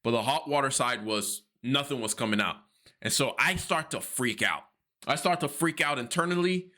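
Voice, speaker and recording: A man with a bright, forward voice tells a personal story on his finance vlog. He is earnest and devout, and he acts out his own worried reactions and prayers as he speaks. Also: mid-range voice, moderate pace.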